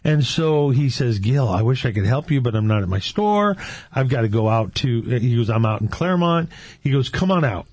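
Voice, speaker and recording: Earnest storytelling man, husky voice. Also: mid-range voice, lively intonation, moderate pace, darkish tone, no room sound. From California. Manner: earnest, tells stories with quoted dialogue. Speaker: guest, Catholic men's ministry leader. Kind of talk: casual faith chat and storytelling.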